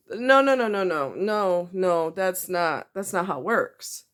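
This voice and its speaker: A woman vlogger speaks in a personal confessional style, her throat tight and her voice emotional. She talks haltingly, with frequent ums and restarts, and swears bluntly. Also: mid-range voice.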